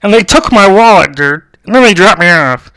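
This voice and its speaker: A man's voice: high-pitched, animated, moderate pace, fairly bright tone, clear, resonant tone, no room sound. A young man rambling through a comic story and calling everyone dude. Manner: rambling, says "dude" a lot. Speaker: co-host. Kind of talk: comedic storytelling.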